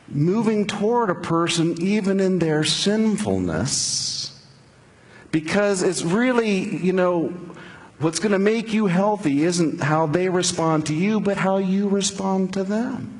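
Guy preaching a sermon, kinda high voice that swings up and down a lot, chatty with lots of questions. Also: slightly rough. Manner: conversational preaching with rhetorical questions and restarts. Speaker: pastor.

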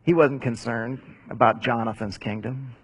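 A man's voice: medium pitch, fairly even intonation, moderate pace, slightly rough. A man preaching and teaching through a Bible passage in a casual, conversational way, with rhetorical questions and asides. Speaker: pastor.

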